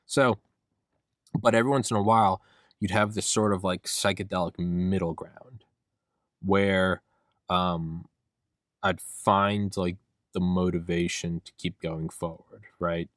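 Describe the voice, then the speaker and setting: A man's voice: sits low, steady tone, unhurried, pauses often, no echo, studio quality. A young man hosting a solo podcast rant, rambling and swearing, acting out his own inner voice. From United States. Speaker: podcast host.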